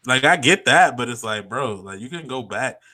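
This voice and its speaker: Bright-voiced profane man chatting. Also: medium pitch, lively intonation. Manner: laid-back, profane, drawn-out slang. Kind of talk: casual chat.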